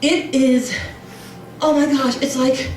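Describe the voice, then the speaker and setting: A middle-aged woman performing a brash stand-up comedy routine, now and then breaking into shrill squealing voices for her relatives. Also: fairly even intonation, slow pace, darkish tone, distant mic. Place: comedy club. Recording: echoey club room, mic heard from afar, audience laughter. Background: crowd laughing.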